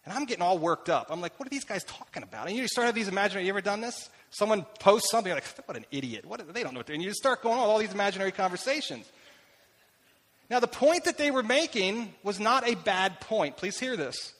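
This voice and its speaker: A man's voice: sits high, a bit bright. A middle-aged man preaching as a pastor, telling stories about himself in a conversational way. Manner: conversational, self-deprecating storytelling. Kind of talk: sermon. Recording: long hall reverb.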